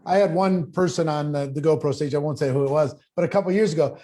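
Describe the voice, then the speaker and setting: A man's voice: fairly high pitch, fast, few pauses, mellow. A man hosting a panel as a speaking coach, talking emphatically and listing questions. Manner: emphatic, repeats questions in lists. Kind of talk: coaching talk on video panel.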